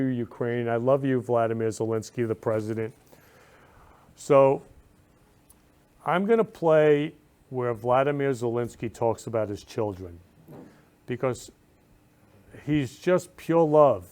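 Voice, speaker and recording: A man hosting a talk show, effusive and openly emotional, with loud bursts and slow, solemn reading aloud. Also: mid-range voice. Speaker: host.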